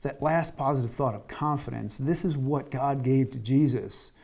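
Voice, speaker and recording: Mellow-voiced man preaching casually. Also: medium pitch, normal speed, gravelly, husky. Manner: informal, repeats words as he restarts, acts out quotes. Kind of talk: conversational sermon.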